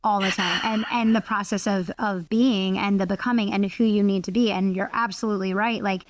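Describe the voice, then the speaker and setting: A woman hosting a podcast, asking long rambling questions and giving quick affirmations. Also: mid-range voice, fairly even intonation, noisy background. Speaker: podcast host. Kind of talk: casual interview chat.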